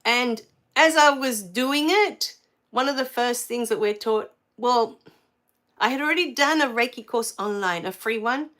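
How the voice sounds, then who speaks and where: Australian woman, middle-aged, casual livestream storyteller; effusive, lifts into bright exclamations. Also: a little high, a little slow. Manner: warm and effusive, rising to excited exclamations. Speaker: spiritual livestream host.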